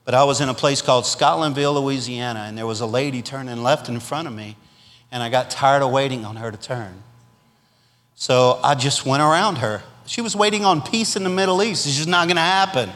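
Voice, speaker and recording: A man with a Southern US accent preaching a storytelling revival sermon, swinging between loud punches and quiet asides. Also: mid-range voice, a little fast, in a large hall. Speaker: pastor.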